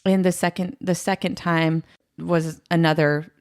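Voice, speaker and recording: Female podcast guest, low gravelly voice, candid storytelling, emotional. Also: little pitch movement, measured pace, no echo, studio quality. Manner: emotional, quotes others in her retelling.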